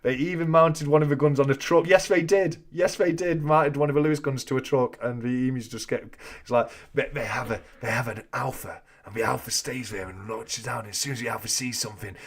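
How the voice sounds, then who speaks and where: A man's voice: mid-range voice, fairly even intonation, quick pace, hardly any pauses. A man hosting a casual live chat, joking and reading out viewer comments. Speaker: host of a coin-collecting live chat.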